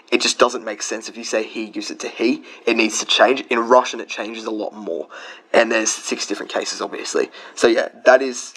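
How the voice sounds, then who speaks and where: A man's voice: medium pitch, a bit bright, poor audio. A young man casually explaining grammar from his study notes, chatty and rambling, with frequent restarts.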